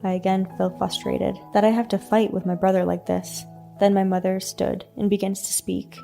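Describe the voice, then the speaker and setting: Lady reading a story evenly, gravelly low warmth, soft music in back. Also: little pitch movement, normal speed. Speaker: narrator. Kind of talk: scripted story narration.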